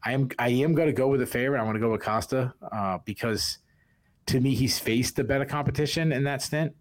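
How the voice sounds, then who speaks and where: A man's voice: medium pitch, fairly quick. A man with a Boston accent co-hosting a podcast, giving casual fight analysis with lots of restarts and fillers. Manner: rambling, many restarts and fillers. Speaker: podcast co-host.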